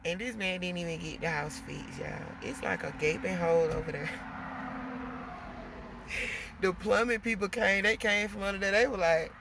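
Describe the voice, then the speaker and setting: A woman's voice: mid-range voice, moderate pace, gravelly, noisy background. A woman with young kids venting casually to her viewers, swearing freely and calling them y'all. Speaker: vlogger.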